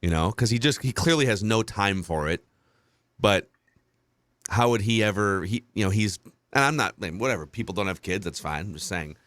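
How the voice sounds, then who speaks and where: A man in his thirties hosts a sports podcast, thinking out loud and circling back to hedge his points. His voice sits on the low side. The sound is dry and close. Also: lively intonation, brisk, no room sound. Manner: thoughtful, hedging with many restarts. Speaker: podcast host. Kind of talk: casual sports talk.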